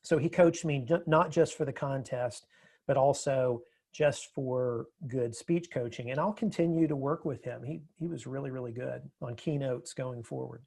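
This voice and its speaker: A man speaking as a podcast guest, telling his story in a reflective, measured way, often restarting his sentences. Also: medium pitch, vocal fry, a little mellow, breathy edge. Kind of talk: casual interview conversation.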